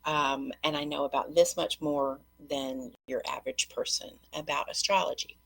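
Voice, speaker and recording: A middle-aged woman talks straight to her viewers in a loose, rambling monologue, full of quick tangents. Her voice sits low and has a gravelly edge. It has a husky, slightly rough grain. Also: fairly even intonation, low-quality recording. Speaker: host.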